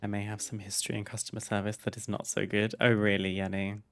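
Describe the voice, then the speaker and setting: A man's voice: on the low side, level tone, fast talker, a bit bright, clear, resonant tone. A man streaming a game, chatting casually and candidly as he tells a personal story, laughing and swearing freely. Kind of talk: casual storytelling over gameplay.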